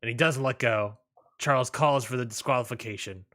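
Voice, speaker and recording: Male podcast co-host, bright forward tone, loose rambling recap style. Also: medium pitch. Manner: rambling, lots of fillers and restarts, quick laughs. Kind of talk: casual wrestling podcast chat.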